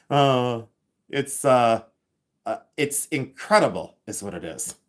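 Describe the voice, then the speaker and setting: A talkative man hosting a live stream, excitable and loose, restarting sentences as he thinks aloud. His pitch sits right in the ordinary middle for a man. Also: slow. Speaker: livestream host and reseller. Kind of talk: casual live-stream chat reading viewer comments.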